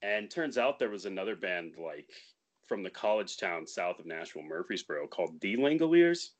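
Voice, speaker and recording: Young male podcast guest, very low voice, easygoing storyteller who laughs a lot and curses casually. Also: sing-song, normal speed. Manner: laid-back, swearing, laughs often. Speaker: band member guest.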